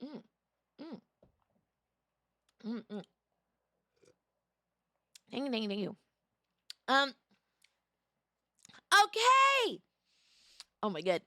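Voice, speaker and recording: A young woman streamer in casual chat, her voice tired and in need of rest, chatty and greeting viewers by name with sudden bursts of excitement. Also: sits high, extremely slow, pauses often, dry recording, clean studio sound.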